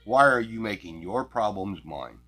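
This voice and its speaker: A man's voice: on the low side, lively intonation, normal speed, bright, forceful tone. A man hosting his own show, ranting bluntly and crassly at his viewers with heavy profanity and scornful laughs. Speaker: channel host. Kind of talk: profane casual rant to viewers.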